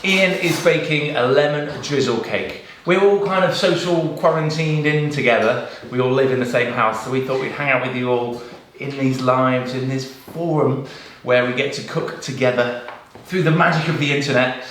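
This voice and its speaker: An English man co-hosts a live home cooking stream. He chats in a relaxed, jokey way and reads out questions from viewers. His voice rings around a very echoey kitchen with a faint hiss behind it. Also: mid-range voice, moderate pace. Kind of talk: casual live-stream chat.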